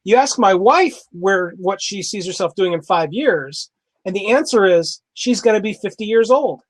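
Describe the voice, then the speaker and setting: High-voiced man from Wisconsin, dry mic. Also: normal speed, dry recording, poor audio. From Wisconsin, USA. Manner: rambling, animated storyteller. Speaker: guest. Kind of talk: casual chat. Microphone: video call.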